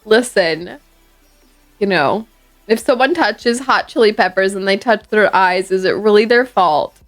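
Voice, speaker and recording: This casual gaming stream features a woman with a mid-range, expressive voice who speaks unhurriedly. She jokes around with viewers, teasing and laughing frequently, with game music faintly audible.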